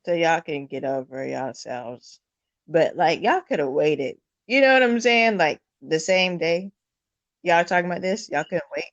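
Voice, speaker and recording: A woman's voice: low voice, measured pace, no echo, highs cut off. A woman co-hosting a casual sports talk show, blunt, heated and profane. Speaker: podcast co-host.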